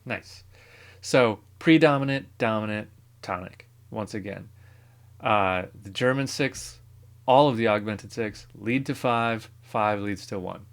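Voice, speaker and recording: Slow-talking male music theory teacher. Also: fairly low pitch. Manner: relaxed, thinking aloud with fillers and self-corrections. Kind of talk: casual classroom lecture.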